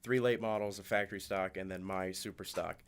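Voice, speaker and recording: Brief: young man, lowish voice, animated storyteller who laughs as he talks. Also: brisk, clear, resonant tone. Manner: animated, laughs through his stories. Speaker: podcast guest, race car driver. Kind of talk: casual storytelling.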